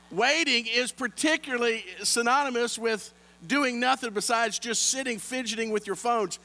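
A man's voice: very high-pitched, unhurried, gravelly, bright, forceful tone, big-room sound. A man, preaching a sermon with humorous stories and playful asides to the congregation, on a handheld microphone. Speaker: pastor.

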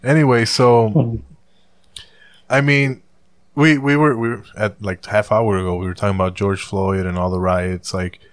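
A man's voice: fairly low pitch, steady tone, moderate pace, no echo. A man from Puerto Rico in casual chat, loose and profane. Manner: loose, swearing, laughs often.

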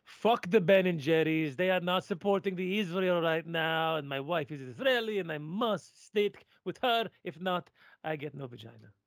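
A man co-hosts a casual podcast, blunt and crude, with swearing scattered through his talk. His voice is gravelly and sits a little high. The recording is dry and close. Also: lively intonation, moderate pace, fairly bright tone, no room sound. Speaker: podcast co-host.

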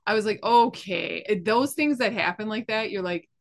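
A woman's voice: mid-range voice, expressive, fairly quick. A woman hosting a faith podcast, affirming her guest and leading a spoken prayer in an effusive, heartfelt way. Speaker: podcast host. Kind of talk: casual interview chat and spoken prayer.

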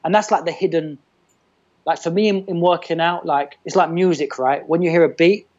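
A man talking as a fitness trainer in a casual podcast chat, loose and animated, full of restarts and "like". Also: on the high side, fairly quick, highs cut off.

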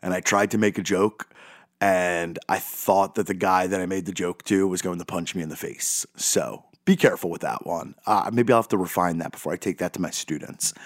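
A male podcast host speaks in a low, fairly quick voice in a casual monologue that's rambling, self-deprecating and goofy. The studio-quality recording has no room sound.

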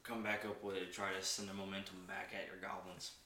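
A man narrating as game master in a tabletop game, relaxed and laughing often. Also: low voice, brisk, reverberant, slight background noise.

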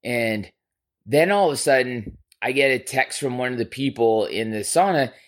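This podcast host spins a story in relaxed conversation, swearing and animated, his volume jumping between loud bursts and quiet side comments. He has a mid-range voice and a moderate pace.

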